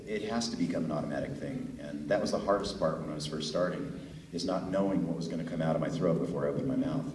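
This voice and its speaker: A middle-aged man with a deep voice, a voice actor telling stories to fans at a convention panel, chatty and laughing easily. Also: darkish tone. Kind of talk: relaxed storytelling answer to a fan. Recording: echoey hall from far off, faint noise.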